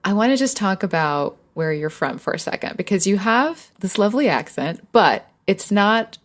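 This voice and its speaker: A woman's voice: medium pitch, sing-song, moderate pace. Friendly, laughing woman podcast host. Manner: friendly and laughing, asks open questions. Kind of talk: casual interview conversation.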